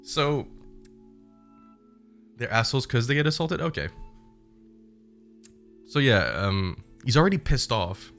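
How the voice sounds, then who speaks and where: Brief: young male streamer, mid-pitched, animated and foul-mouthed, casual storytelling. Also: measured pace, pauses often, soft background music. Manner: animated, profane, laughing retelling.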